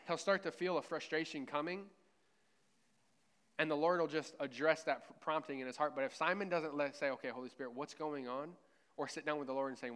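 A man's voice: a little high, fairly bright tone. A man preaching a sermon at church in a casual, conversational way, often checking in with "right?". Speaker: pastor.

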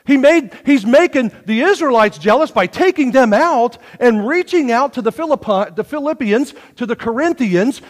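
A man preaching a folksy sermon to his congregation, swinging from hushed asides to loud, lively exhortation. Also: extremely high pitch, big-room sound. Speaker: pastor. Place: church sanctuary.

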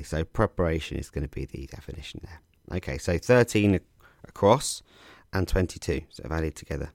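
A man casually explaining crossword clues as a podcast host, relaxed and chatty with frequent ums and restarts. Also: very deep voice, no room sound, studio quality.

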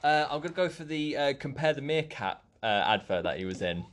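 A man playing along as a contestant in a casual film quiz, excitable and quick to exclaim loudly. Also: on the high side. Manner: excitable, bursts into loud exclamations.

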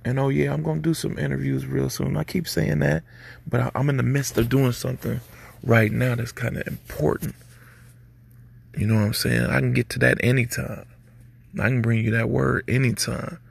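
Male podcast host, gravelly and husky, easygoing preachy delivery. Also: medium pitch, level tone, moderate pace. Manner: laid-back, preachy, street slang. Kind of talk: casual advice monologue.

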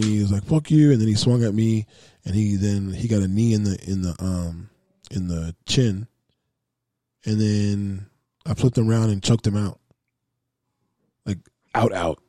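Brief: male podcast co-host, mellow mid-range voice, dry close sound, blunt and profane. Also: lowish voice, no room sound. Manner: blunt, profane, joking storyteller. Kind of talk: casual chat.

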